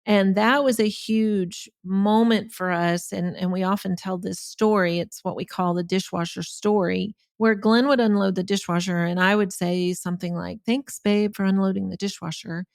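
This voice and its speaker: A woman's voice: mid-range voice, steady tone, moderate pace, creaky, few pauses, no echo, clean studio sound. A woman guest on a podcast, telling a story from her marriage in an earnest, reflective way. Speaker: podcast guest, relationship author.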